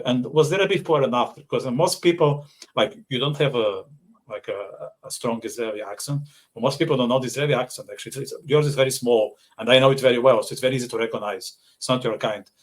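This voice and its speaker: Blunt, joking podcast host, man. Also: medium pitch. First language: Portuguese. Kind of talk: casual podcast interview.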